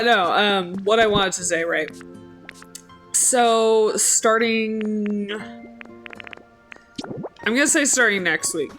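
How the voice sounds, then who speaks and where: A woman's voice: medium pitch, a bit bright. A woman streamer chatting live with her viewers, playful and mock-dramatic, laughing often.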